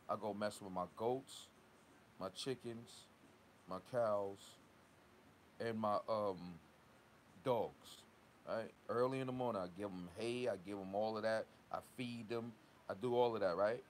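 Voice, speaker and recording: A man's voice: fairly low pitch, unhurried, a little hiss or hum. A man from Long Island, a dog kennel owner ranting in a casual vlog, profane and heated, tagging lines with "right?". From Long Island, New York. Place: at work, outdoors.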